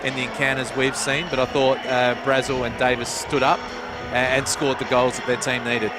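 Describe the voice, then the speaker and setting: A man's voice: mid-range voice, little pitch movement, moderate pace. An Australian man giving chatty, analytical expert commentary on a football match. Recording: loud crowd and music behind.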